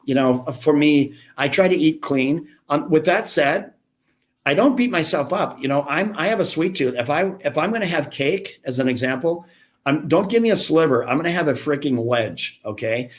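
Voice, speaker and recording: On a relaxed podcast, a gym franchise founder in his fifties spins chatty, candid tales at his own expense. His fairly high voice is animated and moves at a moderate pace.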